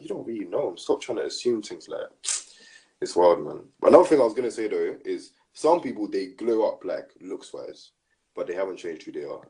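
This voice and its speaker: Fast-talking young man, emphatic. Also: deep voice, warm tone. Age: young adult. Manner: emphatic, preachy street slang. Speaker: podcast co-host. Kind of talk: casual chat.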